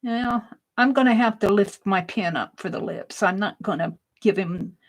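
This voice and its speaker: Chatting as she draws on a relaxed craft livestream, a woman with a medium-pitched voice speaks at a moderate pace. She laughs at her own drawing and occasionally drops to a soft murmur, and the audio quality is poor.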